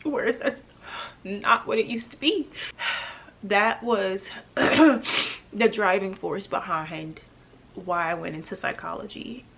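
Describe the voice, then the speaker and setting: A young adult woman telling a painful personal story to camera, halting and emotional, with pauses and restarts. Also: medium pitch, fairly bright tone, a little hiss or hum. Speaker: vlogger.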